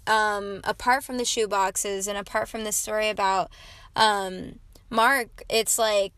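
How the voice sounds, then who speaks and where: A woman's voice: medium pitch, fairly bright tone, no room sound. Chatty young woman, dry sound. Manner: rambling, many likes and ums. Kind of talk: casual storytelling devotional talk.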